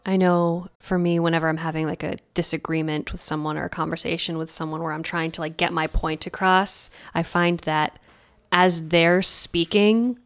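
Smooth-voiced reflective woman. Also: fairly low pitch, flat delivery, normal speed. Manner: thoughtful, reflective. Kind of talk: casual faith chat.

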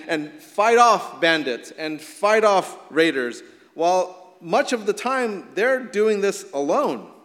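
A middle-aged male pastor preaching a casual, animated sermon with many fillers. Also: on the high side, big-room sound.

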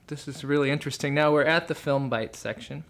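Low-voiced woman host. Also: a little fast. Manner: brief, encouraging, wraps up segments. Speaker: podcast host. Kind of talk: hosting a conversation.

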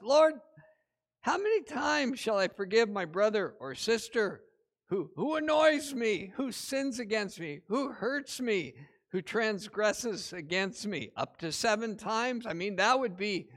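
A male pastor preaching a sermon, retelling a parable with animated emphasis and frequent "uh" fillers. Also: sits high, a little slow. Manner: many "uh" fillers, animated storytelling with rising emphasis.

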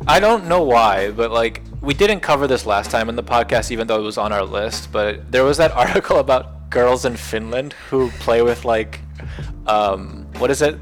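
A man's voice: medium pitch, expressive, moderate pace, faint music behind. A man co-hosting a podcast, talking casually as a rambling storyteller who laughs often and adds playful asides. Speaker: podcast co-host. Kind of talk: casual chat.

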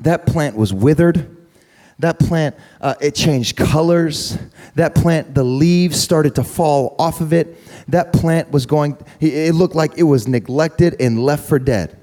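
A young man preaching a sermon through a funny personal story, chatty and repetitive, building to loud preaching. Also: on the high side, slow. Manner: conversational, humorous, repeats words, rises to loud preaching.

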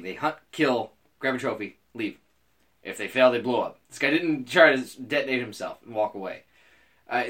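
A man co-hosting a podcast, arguing a playful movie-character matchup in jokey, profane casual banter. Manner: animated, swearing, jokey, jumps high in pitch when excited. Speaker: podcast co-host.

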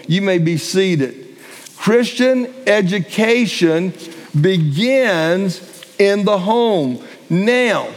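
A middle-aged man preaching a sermon as pastor, stressing key phrases and repeating them slowly. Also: high-pitched. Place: church sanctuary. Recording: long hall reverb.

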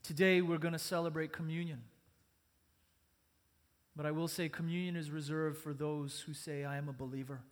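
A man's voice: on the high side, little pitch movement, moderate pace, long pauses. A man preaching a sermon as pastor, earnest and conversational, speaking in a church sanctuary. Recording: long church reverb.

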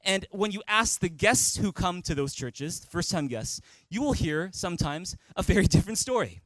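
A man's voice: high-pitched, expressive, moderate pace, no echo, poor audio. A male pastor preaching a sermon at a church service, emphatic and repeating key phrases, leading the congregation in reading aloud. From Canada.

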